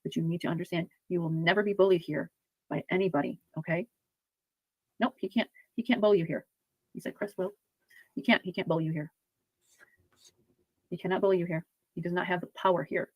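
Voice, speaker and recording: A voice from a played clip, a self-styled medium speaking to a spirit in a soft, reassuring and repetitive way. The pitch sits mid-range and the sound is dry and close. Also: steady tone, brisk, pauses often, no room sound, muffled recording. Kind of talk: soothing medium session.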